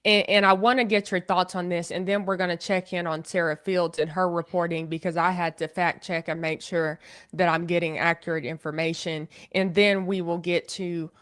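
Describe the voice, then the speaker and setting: A woman's voice: on the low side, level tone, moderate pace, fairly bright tone, smooth. A woman with a thick Oklahoma accent giving blunt online commentary in a recorded video.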